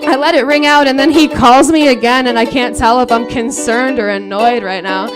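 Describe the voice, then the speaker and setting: A woman's voice: fairly high pitch, normal speed, over music. A woman in her late twenties performing a comedic sung story live on a saloon stage, wry and profane, with spoken asides between verses. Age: late 20s. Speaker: comedic singer-songwriter. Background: her own ukulele accompaniment.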